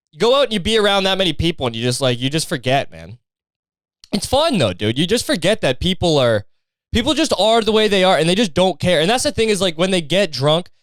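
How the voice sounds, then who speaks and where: A young Canadian man hosting a podcast, ranting casually with lots of profanity and an animated, rambling delivery, recorded outdoors on a street. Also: a little high, smooth, no echo. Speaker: podcast host. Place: outdoors in a street after a match.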